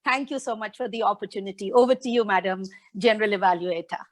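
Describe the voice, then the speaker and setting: A woman's voice: mid-range voice, fast. A woman evaluating a speech at a club meeting over a video call, polite and constructive. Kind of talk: giving spoken feedback on a speech.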